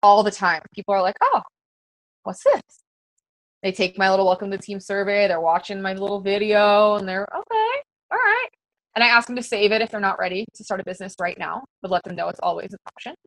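A woman's voice: medium pitch, steady tone, fast talker, hardly any pauses, fairly bright tone, dry recording, low-quality recording. Chatty, conversational woman coaching peers. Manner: very conversational, chatty with many fillers. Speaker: fitness business coach. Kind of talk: casual teaching talk to fellow coaches.

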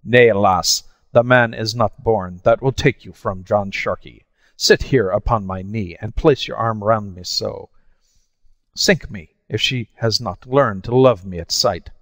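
A man voicing a menacing, gloating pirate captain in a story reading, with rough old-sea speech. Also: fairly low pitch, unhurried, a bit bright, no room sound, in a large hall.

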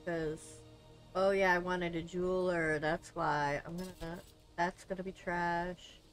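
A woman's voice: on the low side, steady tone, slow pace, soft background music. A woman from the United States streaming a game, chatting casually with profane, joking banter. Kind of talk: casual let's-play chat.

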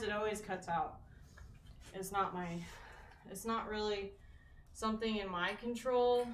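A woman's voice: medium pitch, steady tone, a little slow, long pauses, slight background noise. Chatty woman streaming her workout, far from mic. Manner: chatty, counting reps between breaths. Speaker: fitness streamer. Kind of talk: live-streamed workout chat. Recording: roomy sound, mic at a distance.

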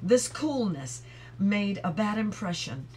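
A woman reading a novel aloud, taking her time over each sentence in a measured storytelling style. Her voice sits at a middle pitch, and she reads at a slow pace. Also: expressive, a little mellow, a little hiss or hum. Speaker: reader.

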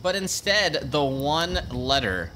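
Profane, animated man streaming a game. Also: on the high side, slow, slight background noise. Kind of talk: live gameplay commentary. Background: game music.

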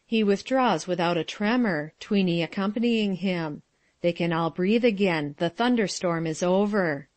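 A woman reading the stage directions of a play in a plain, unhurried way. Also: on the low side, a little mellow, dry recording. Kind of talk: audio drama narration.

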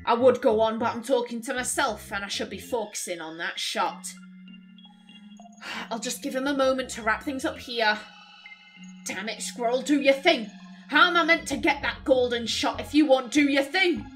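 A woman's voice: on the high side, moderate pace, fairly bright tone, soft background music, natural voice. A woman voicing a rambling male wildlife photographer in a video game, talking to himself. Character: eager small-town male wildlife photographer.

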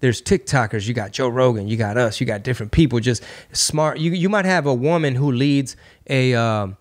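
A man's voice: medium pitch, moderate pace. Profane, riffing male podcast host. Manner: loose, profane and riffing, slipping into mock voices. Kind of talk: casual podcast chat.

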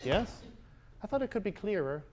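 A man teaching a master class, coaching players and singing rhythms out loud, often checking with a quick "yeah?". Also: a little high. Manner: sings rhythms aloud, frequent checking "yeah?". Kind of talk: coaching musicians, singing phrases. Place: concert hall with instruments playing.

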